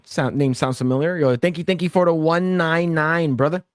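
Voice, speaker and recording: A man's voice: a little high, moderate pace, no room sound, clean studio sound. A man hosting a casual livestream podcast, rambling, repeating words and thanking donors. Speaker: podcast host.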